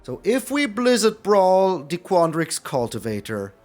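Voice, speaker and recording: High, lively male game streamer. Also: unhurried, faint music behind. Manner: animated, repeats phrases, frequent mild swearing. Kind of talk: live gameplay commentary.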